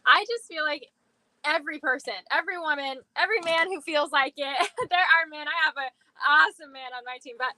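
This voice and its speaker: A woman's voice: high voice, fairly quick, pushed and bright, poor audio. A young woman chatting casually on a live stream, bubbly and gushing, laughing often. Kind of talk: casual chat.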